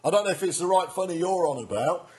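A man co-hosting a deadpan comedy chat, ranting in mock outrage and slipping into silly voices. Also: high voice, fast talker. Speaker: comedy podcast co-host.

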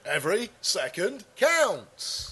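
A man's voice: high voice, wildly swooping pitch, takes it slowly, sharp tone, breathy edge. A man hosting a casual comedy podcast, rambling and crude, with lots of fillers.

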